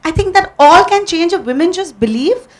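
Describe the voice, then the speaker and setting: A woman's voice: very high-pitched, expressive, normal speed, darkish tone. A woman who hosts a television show, speaking earnestly and persuasively on a panel. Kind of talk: panel discussion.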